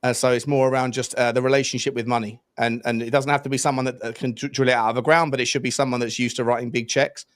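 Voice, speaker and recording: A man on a casual football podcast panel, with an average pitch and a dry, close sound. He talks in a halting, thinking-aloud way as he builds his points. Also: flat delivery, no room sound. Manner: halting, many fillers and restarts while forming opinions.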